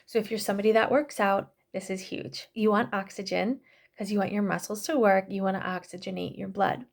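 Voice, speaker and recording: A woman's voice: medium pitch, fairly even intonation, brisk, gravelly. A woman in her thirties teaching a casual online class, chatty and full of fillers, often correcting herself. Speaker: yoga and essential oils class teacher.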